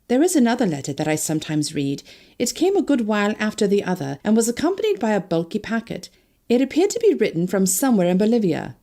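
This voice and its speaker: A woman narrating an audiobook in an expressive storytelling manner. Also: medium pitch, fast.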